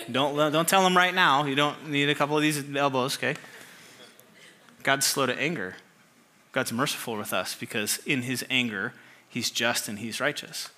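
A man delivers a sermon to a congregation with a bright, forward tone at an ordinary pitch. He talks in a loose, conversational way and keeps putting rhetorical questions to his listeners. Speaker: pastor.

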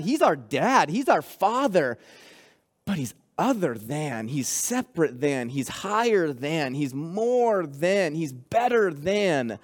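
A man preaching a sermon to his congregation as pastor, calling out to the church. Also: sits high. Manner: preaching with rising intensity, calls to the congregation.

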